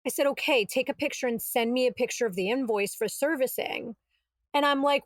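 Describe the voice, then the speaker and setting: A high-pitched woman tells a personal story on a podcast, quick to act out both sides of each exchange. Her voice is close and dry, with no room sound around it. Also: no echo. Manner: animated, quotes herself and others, exasperated retelling. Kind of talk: casual storytelling.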